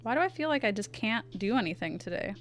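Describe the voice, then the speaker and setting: A woman's voice: medium pitch, sing-song, quick pace, faint music behind. A woman streaming while she draws, chatting casually, reading her chat aloud and answering it with self-deprecating asides. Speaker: art streamer.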